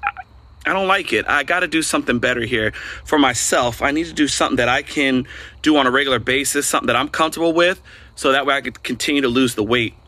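Out of breath on an outdoor porch, a vlogger talks candidly to his audience in a casual vlog, frustrated and hard on himself. His medium-pitched voice is quick, bright and forceful.

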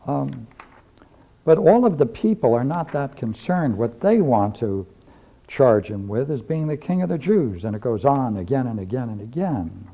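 A man's voice: mid-range voice, lively intonation, normal speed, slightly rough. A man teaching a philosophy class, lecturing emphatically and repeating key phrases as he reads and discusses scripture. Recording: dull lo-fi videotape recording.

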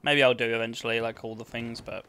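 A man's voice: medium pitch, level tone, fast, bright, forceful tone, slight background noise. A man with an Essex accent giving blunt, casual commentary to his chat while he plays. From England. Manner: blunt, swearing banter with chat. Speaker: gaming streamer. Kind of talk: casual live-stream commentary.

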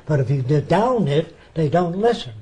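Older man telling stories in a mellow voice. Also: fairly high pitch, moderate pace. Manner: animated storyteller acting out quoted voices. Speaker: interviewee, futurist. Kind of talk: anecdotal storytelling.

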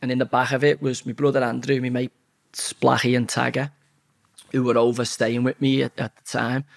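This guest, a man in his forties with a Scouse accent, has a medium-pitched, creaky voice. He tells a rambling story in casual conversation, swearing all the way through and restarting sentences repeatedly.

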